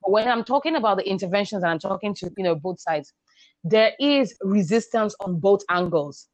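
A woman educator explaining her ideas in a measured, emphatic way on a podcast. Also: medium pitch, animated, dry recording. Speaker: guest, sexual and reproductive health educator. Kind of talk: podcast conversation.

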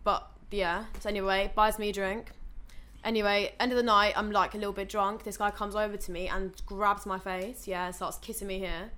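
Animated young woman. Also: mid-range voice, a little fast. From London. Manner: animated storytelling. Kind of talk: casual chat.

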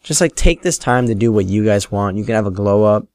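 Teenage guy, solo podcast host, fairly low voice, dry close sound, casual rambling, self-mocking. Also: expressive, a little fast, a little mellow, dry recording. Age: late teens. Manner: rambling, self-deprecating, swears freely.

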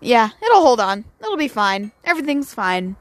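A woman's voice: a little high, sing-song, normal speed, no room sound. A girl in her late teens ranting casually outdoors into her phone, blunt, profane and self-mocking. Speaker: vlogger. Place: outdoors near home at sunset.

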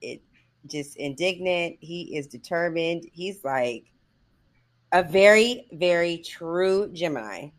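Middle-aged female co-host, expressive and animated, lowish voice with lots of range. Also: slow. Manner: expressive, acts out quotes. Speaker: podcast co-host. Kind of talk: casual chat.

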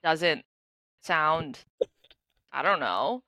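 A woman's voice: low voice, lively intonation, very slow, bright, forceful tone, no echo. A young woman co-hosting a podcast, rambling casually and full of "like". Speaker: podcast co-host and streamer. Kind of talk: casual chat.

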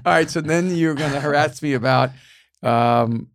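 A man's voice: on the high side, normal speed, dry recording. Middle-aged guy chatting, laughs a lot, restarts his sentences, dry close sound. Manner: animated, laughs often, repeats words when starting sentences. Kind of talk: casual conversation.

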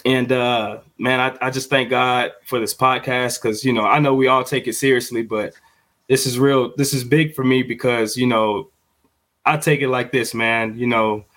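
A young man co-hosting a podcast as a father, talking in a heartfelt, halting way with many fillers and repeated words. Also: mid-range voice, fairly even intonation, a bit bright. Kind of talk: heartfelt casual podcast talk.

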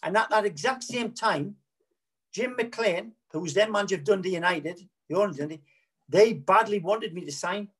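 Husky-voiced middle-aged man telling stories. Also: sits high, normal speed, a bit bright. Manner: frank, rambling, self-correcting with repeated words. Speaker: former footballer, interview guest. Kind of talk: candid anecdotal storytelling.

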